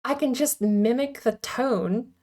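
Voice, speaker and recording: A woman's voice: a little high, slow, mellow. A woman streaming a card game, chatting casually and playfully and laughing often. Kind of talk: casual chat while gaming.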